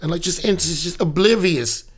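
A man in casual chat telling an animated, profane story. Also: high-pitched, normal speed, slight background noise. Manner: mimics people in voices while telling stories.

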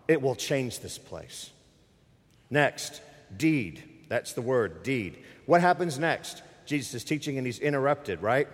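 A middle-aged male pastor preaching into a microphone, with a voice of ordinary pitch for a man. He makes emphatic, conversational appeals straight to his congregation. A long reverb trails off the church walls behind him. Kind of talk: sermon. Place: church sanctuary.

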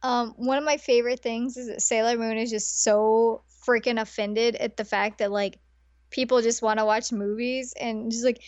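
A woman with a fairly high voice chats casually as a podcast co-host, giggly and sarcastic. The sound is dry and close, with no room echo. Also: moderate pace, highs cut off. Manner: giggly, sarcastic, animated retelling. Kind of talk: casual chat.

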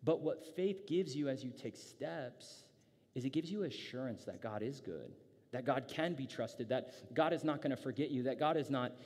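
A male pastor preaching a sermon in a relaxed, conversational way, restarting phrases often and reading scripture aloud. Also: mid-range voice, normal speed, breathy edge. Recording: long hall reverb.

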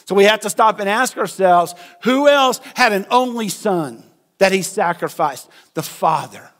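A pastor delivering an impassioned sermon. He swings from hushed, quiet stretches to loud, emphatic peaks. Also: high-pitched, lively intonation, unhurried. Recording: long hall reverb.

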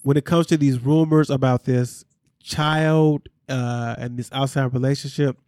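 A man's voice: mid-range voice, fairly even intonation, unhurried, a little mellow, dry recording, studio quality. A man hosting a podcast, recapping reality TV in a candid, slangy way with asides to his listeners. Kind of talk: casual chat.

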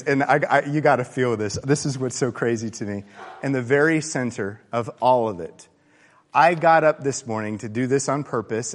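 A man preaching a sermon in a conversational, animated way, moving between hushed asides and excited bursts. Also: fairly high pitch. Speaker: pastor. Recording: long reverb of a large hall.

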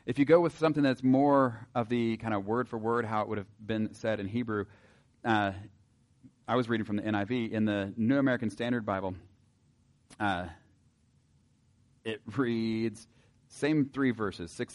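A man with a somewhat low voice teaches from the Bible to a gathered group. He talks loosely and wryly, with frequent fillers, and slips into reading verses aloud. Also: normal speed, long pauses. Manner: casual, wry, many filler words, reads scripture aloud.

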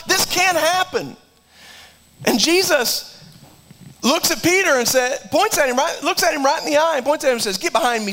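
A man with a high, bright voice preaching a sermon. He retells the scripture earnestly, acting out the lines of the people in it. He often stops and restarts a phrase. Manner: earnest preaching, acts out quoted dialogue, frequent restarts. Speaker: pastor.

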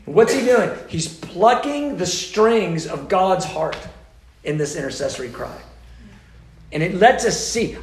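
A man teaching a sermon with passion, swinging between loud urgent pleading and hushed, intimate tones. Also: high-pitched, lively intonation, a little slow, echoey room, a little hiss or hum. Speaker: preacher.

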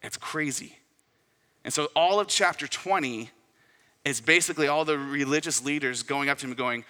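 A man preaching a sermon in a relaxed, conversational way, retelling scenes and acting out short quotes. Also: a little high, moderate pace, long reverb tail. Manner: conversational, storytelling with acted quotes. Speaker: pastor.

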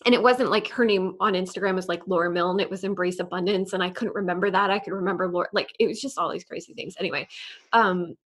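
Podcast guest, woman, New York accent, slight lisp, animated storyteller, lots of "like". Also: fairly low pitch, fast. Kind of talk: casual interview chat.

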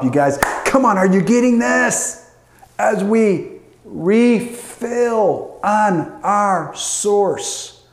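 High-voiced emphatic preaching man. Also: roomy sound. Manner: emphatic preaching with call-outs to the audience. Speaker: pastor. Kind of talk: sermon. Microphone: online streamed service.

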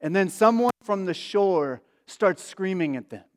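A man's voice: high voice, animated, unhurried. A man preaching a casual, conversational sermon as a pastor, full of asides and fillers. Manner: chatty, many asides and fillers. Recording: long reverb of a large hall.

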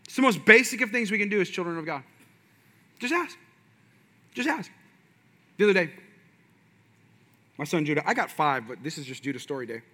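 A man's voice: on the high side, fast, pauses often, bright, forceful tone. A man in his thirties preaching a sermon with passion and energy, mixing in folksy asides. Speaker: pastor.

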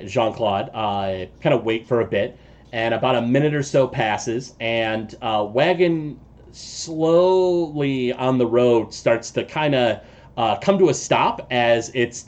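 A man narrating as game master of a tabletop game, halting and full of filler sounds. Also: mid-range voice.

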